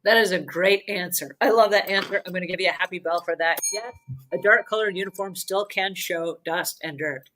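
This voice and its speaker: A woman hosts a cleaning advice show in an earnest, conversational way. Her voice is bright and a little sharp, and she hammers her points home with repetition and emphasis. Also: fairly low pitch, brisk, low-quality recording.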